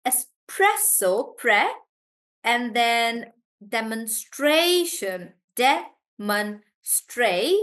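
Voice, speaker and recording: Stretching words out slowly to show where stress falls, a woman teaches pronunciation to an online English class live. She calls on students by name as she responds, her voice sitting high and a bit bright.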